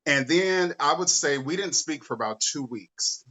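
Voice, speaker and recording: Man from San Diego, bright tone, lively storyteller, video-call chat. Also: fairly high pitch, normal speed. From San Diego area. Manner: animated storyteller who laughs while telling. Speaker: co-host and drag performer.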